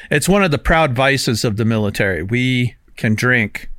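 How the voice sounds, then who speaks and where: A man's voice: mid-range voice, big pitch swings, slow pace, a bit bright, no room sound, studio quality. A military veteran, a man, chatting casually on a podcast over drinks, easygoing and self-deprecating with jokes.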